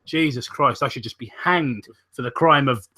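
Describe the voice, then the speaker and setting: A man's voice: medium pitch, normal speed, bright, forceful tone, no room sound. A man hosting a live stream, reading a story aloud and swearing and joking between lines. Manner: swearing, joking, often laughing. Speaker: stream host. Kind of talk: casual crude banter and reading aloud.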